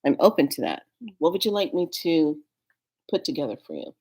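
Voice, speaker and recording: A woman chatting straight to her viewers about spiritual practice. She sounds playful and affectionate, laughs easily and often, and closes with warm sign-offs. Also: low voice, wildly swooping pitch, brisk, noisy background. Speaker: spiritual vlogger. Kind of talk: casual spiritual chat to viewers.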